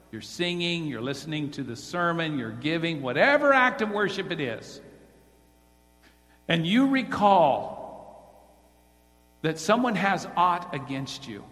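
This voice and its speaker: A man preaches to his congregation in a fairly high voice and asks his listeners direct questions. His voice carries through a church hall with a long reverb. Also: fairly bright tone. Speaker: pastor. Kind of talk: sermon.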